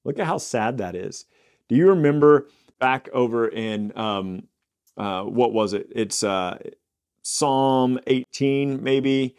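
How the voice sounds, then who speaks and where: A man teaching a casual Bible study, explaining scripture in plain everyday words, sometimes pausing with fillers or correcting himself. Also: mid-range voice, lively intonation, darkish tone, clear, resonant tone. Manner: occasional fillers and self-corrections.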